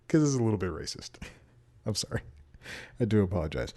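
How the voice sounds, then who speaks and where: A man with a lowish voice rambles through a casual solo podcast intro, cracking self-deprecating jokes and laughing at himself. He talks into a desk microphone at home. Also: big pitch swings, fairly quick, long pauses, warm tone, husky. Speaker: podcast host. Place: home room with TV playing.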